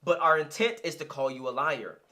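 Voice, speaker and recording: A young man reacting to a clip in blunt, profane, heated casual commentary. His voice is bright and forceful and sits a little high. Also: animated, fairly quick. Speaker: reaction streamer.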